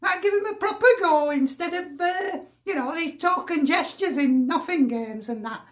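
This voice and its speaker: A man voicing a squeaky, foul-mouthed football fan who cackles and swears gleefully. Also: normal speed, fairly bright tone. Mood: earnest. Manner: gleeful, sweary, cackling, full of tag questions. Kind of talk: comic character rant.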